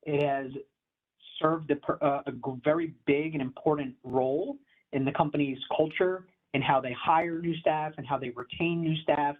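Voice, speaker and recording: A man with a fairly high voice gives a conversational interview as a commercial real estate advisor. His delivery is animated and emphatic but easygoing. The sound is thin and tinny, like a phone line. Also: normal speed.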